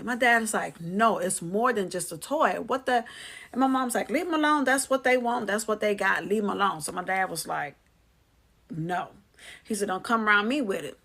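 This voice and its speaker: A woman vlogger tells a story straight to her viewers, chatty and full of slang. She acts out what her relatives said, and her voice carries a gravelly, creaky edge. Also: mid-range voice, normal speed, a bit bright. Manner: chatty, slangy, acts out family members' lines. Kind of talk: casual storytelling to camera.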